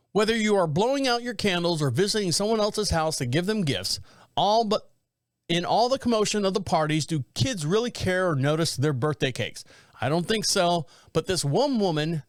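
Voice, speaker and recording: A man's voice: sits high, dry recording, studio quality. A man hosting a podcast, reading out a story in a casual, rambling, blunt way with joking asides. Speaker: podcast host.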